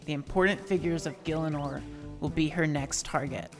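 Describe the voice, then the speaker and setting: A woman putting on a pompous old knight commander, all posh, fussy old-fashioned phrasing. The voice sits low, and faint game music plays underneath. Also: steady tone, normal speed. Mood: briskly official.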